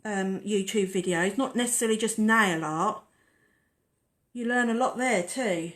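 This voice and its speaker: A woman with a mid-range voice, speaking a little slowly, hosts a casual nail-art tutorial, chatting and rambling as she works on the nails.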